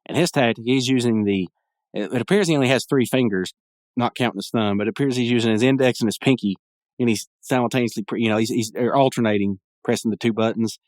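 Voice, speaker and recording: A young man's quick, medium-pitched, slightly mellow voice carries this casual solo podcast commentary. He rambles through a cartoon episode recap, laughing as he acts out lines, in studio-quality audio with no echo.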